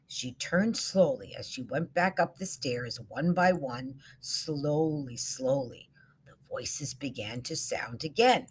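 A woman narrating a suspenseful short story in a hushed, dramatic reading. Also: a bass voice, slow, breathy edge.

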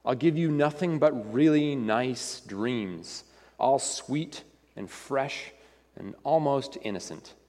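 A man's voice: medium pitch, animated, a little mellow, long reverb tail. A man doing a wheedling tempter lizard. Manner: wheedling, coaxing, drawn-out promises.

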